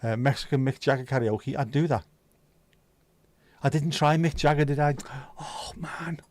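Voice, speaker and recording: A man with a mid-range, slightly mellow voice talks at a moderate pace in a dry recording. He's hosting a casual livestream, rambling loosely, reading viewer comments aloud, and joking around while swearing freely.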